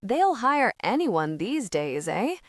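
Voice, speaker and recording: Woman doing a gruff, barking old man. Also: medium pitch, sing-song, unhurried, no room sound, clean studio sound, recorded from a distance. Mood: griping. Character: crotchety older male customer with a cane.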